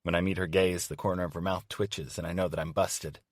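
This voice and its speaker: A man's voice: sits low, flat delivery, brisk, no room sound, clean studio sound. A man narrating a first-person romance audiobook in a wry, conversational storytelling manner. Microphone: studio microphone.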